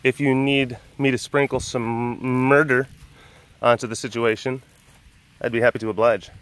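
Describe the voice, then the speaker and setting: A man keeping big cats, narrating a casual vlog outdoors and cooing softly at the animals in baby talk. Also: mid-range voice, level tone, normal speed. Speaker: big cat keeper.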